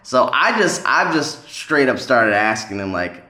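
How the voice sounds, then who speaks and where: A man's voice: medium pitch, big pitch swings, a little slow, sharp tone, reverberant. A man talking casually to camera about learning languages, rambling with many ums and restarts. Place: lives in a city in northern China.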